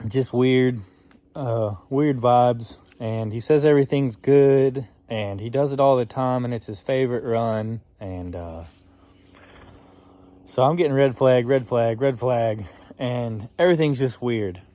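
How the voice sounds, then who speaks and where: A man in his thirties recounts a strange morning in a loose, rambling vlog style. His voice sits at an ordinary middle pitch, and he slips into quoted dialogue as he goes. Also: measured pace, dark tone. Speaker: vlogger. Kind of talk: casual storytelling.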